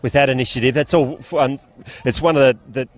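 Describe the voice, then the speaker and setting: A man's voice: medium pitch, steady tone, quick pace. A man with an Australian accent giving live play-by-play commentary at a country football ground, chatty and full of local slang.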